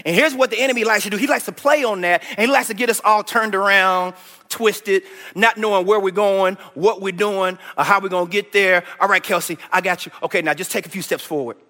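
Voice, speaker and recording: A man preaching a lively sermon to a church congregation, acting out taunts and calling up a volunteer. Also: sits high, a little fast, big-room sound. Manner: animated preaching, trash-talk impressions. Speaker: pastor. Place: church stage.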